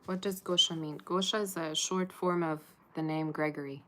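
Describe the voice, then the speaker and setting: A woman's voice: sits low, fairly even intonation, normal speed, background noise. A woman giving a casual tarot reading to camera, chatty and laughing often as she talks to viewers. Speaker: tarot reader.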